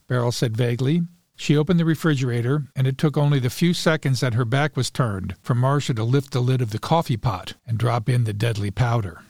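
A man reading a story aloud and narrating film history as a podcast host, in a steady, measured read. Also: mid-range voice, no room sound, studio quality. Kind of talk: scripted narration.

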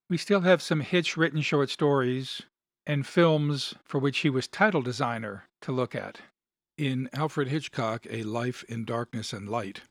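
A man hosting a podcast, giving measured, thoughtful commentary on film history and reading passages aloud. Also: mid-range voice, a bit bright, no echo, studio quality. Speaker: podcast host.

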